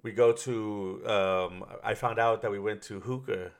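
Rambling man, low-pitched. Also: fairly even intonation, measured pace. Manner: rambling, profane storytelling with many fillers and restarts. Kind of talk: casual chat.

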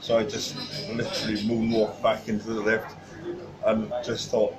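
A man's voice: lowish voice, monotone, moderate pace, over a noisy crowd, low-quality recording. A man, a chef guest on a podcast, telling stories casually with many fillers and restarts. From Wales.

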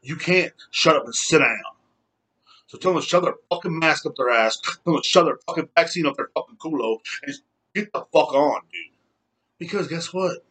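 Husky, profane man ranting. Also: on the high side, animated, fairly quick, bright, forceful tone. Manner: profane, heated, rambling. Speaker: podcast host. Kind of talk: casual rant.

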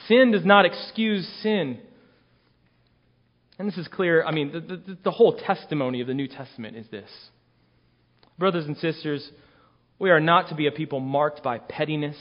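Earnest preacher man, somewhat high voice. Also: muffled recording. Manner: earnest, emphatic, with repeated words and restarts. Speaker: guest preacher. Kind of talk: sermon.

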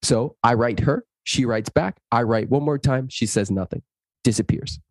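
A man's voice: medium pitch, moderate pace, dry recording, clean studio sound. A man, a guest in an interview, telling a personal story and acting out the dialogue in it. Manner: animated, acts out dialogue in his stories.

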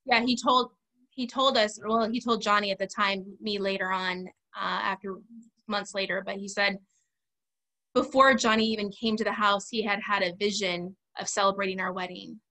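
A woman's voice: medium pitch, fairly even intonation, moderate pace, bright, forceful tone. A woman, a podcast guest, earnestly and reflectively recounting a personal story in casual conversation.

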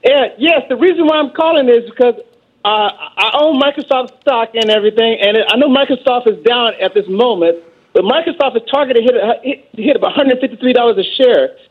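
A male caller asking an eager, halting question on a call-in show, repeating words as he talks. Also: very high-pitched, slightly rough. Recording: tinny phone line.

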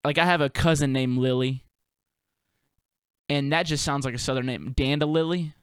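Young man, podcast host, rambling monologue, slangy and profane, mid pitch, dry close sound. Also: steady tone, moderate pace, clear, resonant tone, dry recording. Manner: loose, profane, stream-of-consciousness musing; laid-back slang with many fillers. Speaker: podcast host and touring performer.

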